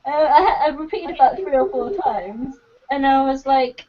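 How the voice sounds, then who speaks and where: A woman's voice: high voice, normal speed. A woman co-hosting a podcast, chatting casually and teasing her friends. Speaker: podcast co-host. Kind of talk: casual chat. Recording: dull lo-fi podcast audio.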